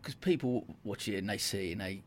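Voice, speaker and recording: A man's voice: lowish voice, fairly quick, a little hiss or hum. A man hosting a podcast in casual interview chat, loose and rambling, full of "like" and "you know". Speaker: podcast host.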